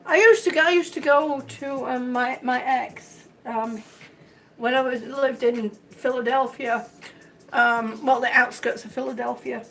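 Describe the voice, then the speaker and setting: A woman's voice: sits high, measured pace, fairly bright tone, recorded from a distance, faint music behind, poor audio. An older woman from Miami with an accent mixed from the South and the Midwest, chatting casually and telling a rambling story full of restarts. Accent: mixed American Southern and Midwestern. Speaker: vlogger. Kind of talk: casual chat.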